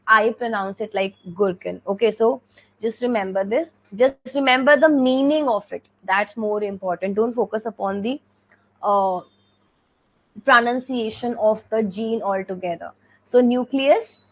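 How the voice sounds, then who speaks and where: On a rough recording, a woman with a highish voice and an Indian English accent delivers an exam revision lecture. She breaks explanations into steps, goes over key points again, and regularly checks understanding with "okay."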